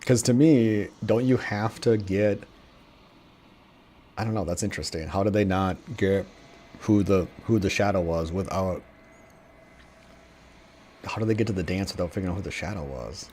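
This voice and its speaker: A man doing let's play commentary, excitable, swearing often and reading game text aloud. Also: low voice, moderate pace, long pauses, slight background noise. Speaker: gaming streamer.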